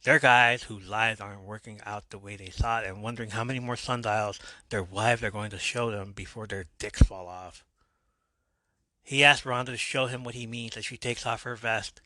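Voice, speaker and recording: A man hosting a podcast, recapping a TV episode in a casual way with joking asides and quick self-corrections. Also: lowish voice, fairly even intonation, pushed and bright, no room sound. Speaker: podcast host.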